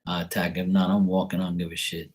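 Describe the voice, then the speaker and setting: A man with a low voice speaking as his big male pit bull, in a lazy, indifferent drawl. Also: monotone, quick pace, darkish tone, breathy edge.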